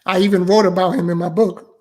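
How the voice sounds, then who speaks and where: A man's voice: high voice, fairly even intonation, fairly quick, a little mellow. A man, a guest author and speaker, telling a personal story in a live online interview, heartfelt, repeating his phrases and often saying "man". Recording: live online talk show.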